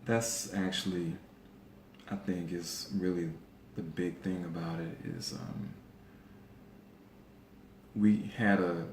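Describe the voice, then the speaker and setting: A man in his forties with a very deep, gravelly voice speaks in an unhurried, thoughtful way. The room sounds echoey, with a faint noise floor. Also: fairly even intonation, darkish tone. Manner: measured, reflective, with fillers. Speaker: podcast co-host. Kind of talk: casual conversation.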